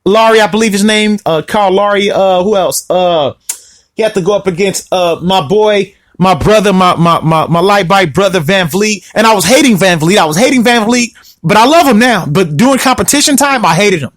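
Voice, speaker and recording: A man's voice: high voice, lively intonation, moderate pace, a bit bright, no echo, clean studio sound. A man hosting a casual solo podcast, rambling, repeating himself and often asking "you see what I mean?". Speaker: podcast host.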